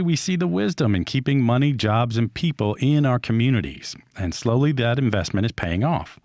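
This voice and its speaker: A man reading a steady, earnest fundraising appeal for a radio station. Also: medium pitch, no echo, clean studio sound. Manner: steady, earnest, scripted delivery.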